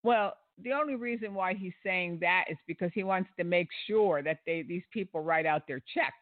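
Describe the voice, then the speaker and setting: A man's voice: high-pitched, moderate pace, dry recording. A man giving sarcastic, indignant commentary on a preacher's clip, with plenty of fillers and restarts. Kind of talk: critical commentary on a sermon clip. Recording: tinny, dry phone-like audio.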